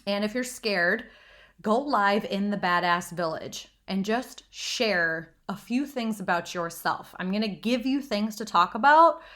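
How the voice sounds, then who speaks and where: A woman's voice: medium pitch, unhurried, fairly bright tone. Woman podcast host, thirties, from the Midwest, candid, self-deprecating, casual swearing, solo monologue. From Northwest Iowa, USA. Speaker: podcast host and confidence coach.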